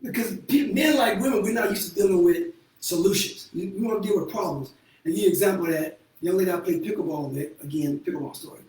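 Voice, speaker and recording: Heard distantly in an echoey room with faint noise, a fast-talking man with a high, darkish voice hosts a show. A therapist by trade, he speaks in candid, casual talk that's blunt, heavy on profanity, and often broken by laughter.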